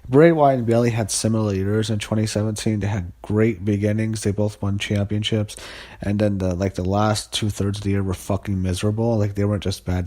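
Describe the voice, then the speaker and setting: A young man with a lowish voice talks through a wrestling show in a loose, rambling way. He leans on fillers and blunt, profane opinions, like a fan reviewing at home. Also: a little mellow. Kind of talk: casual spoken recap.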